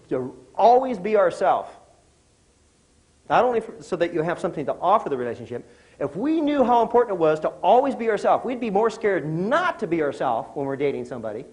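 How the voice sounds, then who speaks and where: A man's voice: high-pitched, darkish tone, poor audio. A middle-aged man giving a motivational talk to a live audience, conversational and joking, often asking the audience questions. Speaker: motivational speaker.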